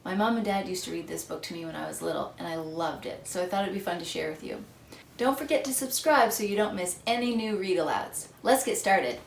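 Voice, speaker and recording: A woman reading a picture book aloud for children in an expressive storytelling voice. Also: fairly low pitch, fairly quick, creaky, slight background noise. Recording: echoey room.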